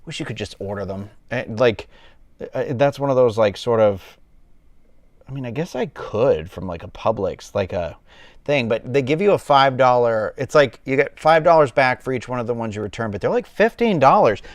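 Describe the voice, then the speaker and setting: A man's voice: medium pitch, animated, moderate pace, no echo. A man with a loose Southern US accent hosting a casual livestream from home, chatting in a rambling way full of fillers and restarts. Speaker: livestream host. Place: at home, sipping a cocktail on camera.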